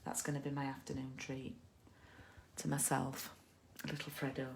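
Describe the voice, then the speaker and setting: With a bass voice and completely flat delivery, this British woman from the United Kingdom talks at normal speed with vocal fry while hosting a live card-making stream. Her chat is casual and meandering, packed with ums and asides, and the laptop or phone camera mic adds a little hiss or hum.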